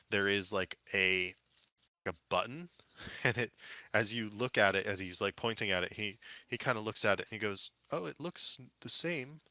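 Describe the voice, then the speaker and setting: Bright-voiced man running a tabletop game. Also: on the low side, smooth, no room sound. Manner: hesitant, many fillers and restarts. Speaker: dungeon master.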